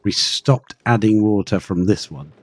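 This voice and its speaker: A man's voice: on the low side, measured pace. A man giving chatty live gameplay commentary, thinking aloud and talking to the creatures in his game. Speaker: streamer playing a colony-building game.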